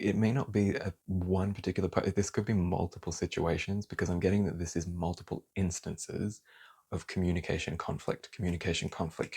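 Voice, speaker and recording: Male tarot reader, very low and slightly raspy, heated and swearing. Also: a little mellow. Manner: heated, swears, then apologizes. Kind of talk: casual tarot reading to camera.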